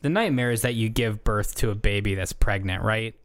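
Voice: mid-range voice, brisk, no echo, clean studio sound. A co-host on a casual comedic podcast, playfully asking absurd questions.

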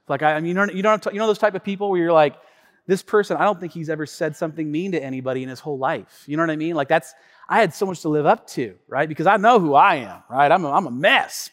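A male pastor preaching a sermon, telling a story with many restarts and stumbles, moving between quiet asides and excited, loud retelling. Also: a little high. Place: church hall. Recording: long reverb of a church hall.

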